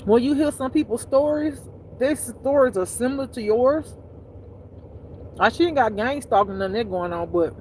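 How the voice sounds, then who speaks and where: A woman's voice: fairly high pitch, moderate pace, darkish tone, slight background noise, poor audio. A woman chatting loosely and profanely to her viewers, laughing often at her own jokes. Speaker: spiritual teacher streaming live. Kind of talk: casual unscripted chat.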